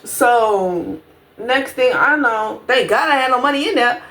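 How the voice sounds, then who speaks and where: A woman's voice: a little high, unhurried. A woman telling a storytime to her viewers, casual and profane, talking to them directly. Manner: profane, animated, addresses viewers as y'all.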